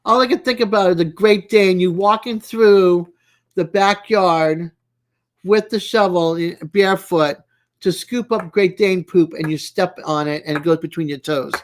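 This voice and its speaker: This livestream host speaks at an unhurried pace in a fairly low-pitched voice. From home, she chats casually with her live viewers, calling them by name and giggling and teasing along the way.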